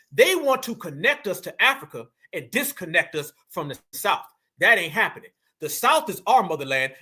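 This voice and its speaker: A man hosting a fiery commentary monologue, emphatic and preachy, calling his viewers fam. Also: high-pitched. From New York. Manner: emphatic, preachy, animated, addresses audience as fam. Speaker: political commentary host.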